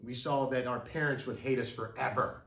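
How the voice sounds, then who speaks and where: A man's voice: medium pitch, fairly even intonation, normal speed, gravelly, a bit bright. A man telling a dramatic story from his childhood as a speech, in vivid, dramatic storytelling. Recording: roomy, from a distance.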